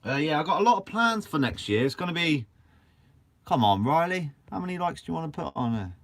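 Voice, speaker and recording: A man's voice: a little high, very animated, brisk, creaky, fairly bright tone. A young man from Guernsey, hosting a fishing channel and answering live chat in a chatty, upbeat way with casual swearing. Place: shed.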